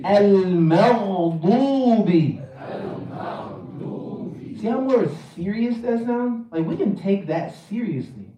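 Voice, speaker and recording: Man, high mellow voice, recitation teacher, slow demonstrations and jokes, distant mic in an echoey hall. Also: expressive, muffled recording, a faint crowd. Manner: demonstrates words slowly, jokes and laughs with the class. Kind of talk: workshop teaching with call-and-response recitation. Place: mosque hall.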